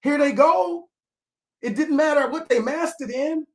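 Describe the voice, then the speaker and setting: A man hosting a livestream and reacting to clips, talking in a loud, profane, animated way that swings between muttering and shouting. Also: extremely high pitch, a little slow.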